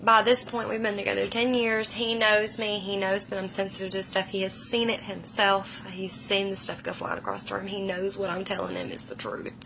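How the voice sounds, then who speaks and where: A woman in her thirties retelling a frightening personal experience in a slow, emotional, hushed way, often dropping her voice low. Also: creaky, noisy background. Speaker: storyteller. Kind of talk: personal paranormal story.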